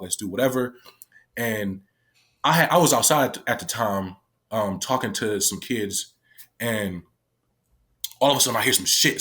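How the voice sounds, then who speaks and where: A man's voice: on the low side, fairly bright tone. Man, casual storytelling, candid, emotional, lots of swearing, acts out quotes. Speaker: guest, former youth detention worker.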